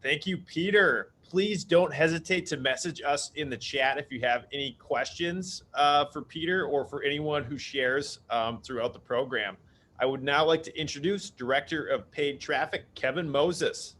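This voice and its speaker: A man's voice: on the high side, normal speed, sharp tone, slight background noise. A man hosting a business webinar, giving brief formal introductions. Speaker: webinar host. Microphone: video call.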